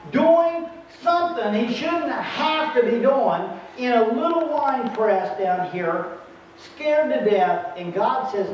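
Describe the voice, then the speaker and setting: High-voiced preacher in an echoey church. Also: male voice, a little hiss or hum. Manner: animated preaching, acting out biblical voices, chuckling asides. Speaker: pastor. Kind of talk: sermon. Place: church sanctuary. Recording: distant, echoey, muffled room recording.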